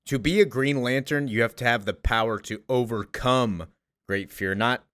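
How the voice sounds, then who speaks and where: A man's voice: medium pitch, moderate pace, a bit bright, clean tone, dry recording. A man hosting a casual comic book recap in a chatty way, with lots of fillers. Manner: chatty, full of fillers and laughs.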